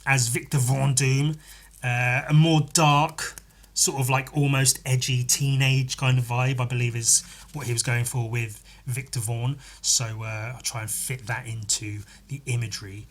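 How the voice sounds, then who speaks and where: A man's voice: mid-range voice, flat delivery, a little slow. A man hosting a podcast, chatting casually and rambling while he draws, swearing freely and muttering to himself. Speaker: podcast host and artist. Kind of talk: casual chat while drawing.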